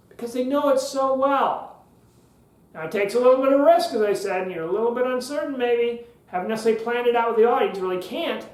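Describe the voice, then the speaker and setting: Guy teaching speech tips on his podcast, pretty high voice, stretches words to make a point, roomy sound. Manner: clear, instructive, stretches words for emphasis. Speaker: public speaking coach.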